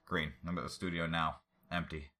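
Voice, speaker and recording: A man's voice: extremely low pitch, flat delivery, moderate pace, sharp tone, slight background noise. A man reading a story aloud and then chatting casually about it. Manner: casual, laughs while commenting.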